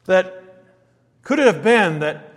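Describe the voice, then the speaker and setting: A man preaching a sermon in an animated way, firing rhetorical questions and acting out quoted lines. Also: sits high, takes it slowly, big-room sound.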